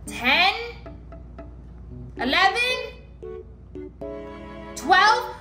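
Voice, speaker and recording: A young woman vlogging, playfully talking to her toy llamas and cheering them on in a bubbly, animated way. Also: very high-pitched, very slow. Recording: echoey room with music behind.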